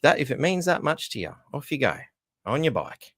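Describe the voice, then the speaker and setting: A man with a voice on the high side and a fairly bright tone hosts a casual news-wrap stream, talking at normal speed and sounding very animated. His commentary is wry and sarcastic, and he swears freely. The recording is dry, with clean studio sound.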